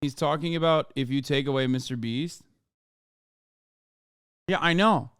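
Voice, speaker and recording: Male streamer in his thirties, fairly high voice, smooth and dry; heated, profane reaction rant. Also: measured pace, fairly bright tone, no room sound.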